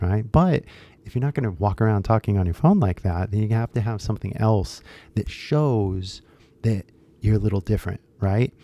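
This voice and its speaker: A man chatting loosely to his viewers about an idea he is pitching, his speech full of fillers and quick restarts. His voice sits a little low and sounds very dark and mellow. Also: no room sound, muffled recording. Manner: switches into Japanese at times. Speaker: English teacher and shirt seller. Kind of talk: casual talk to viewers.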